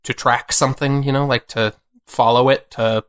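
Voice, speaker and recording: A man co-hosting a podcast in casual chat, halting and restarting often with small chuckles. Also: medium pitch, steady tone, smooth. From Minnesota, USA. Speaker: podcast co-host.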